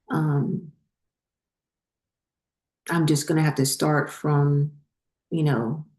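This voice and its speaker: Speaking slowly in a warm, low voice, a woman who runs a spiritual channel tells a casual personal story. She rambles with frequent ums and self-corrections, and the room around her is echoey.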